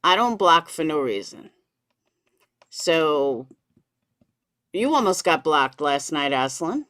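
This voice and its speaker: A woman's voice: sits low, sing-song, slow, fairly bright tone, dry recording. A woman hosting a casual live stream from her computer, chatting with viewers and greeting them by name. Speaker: livestream commentary host.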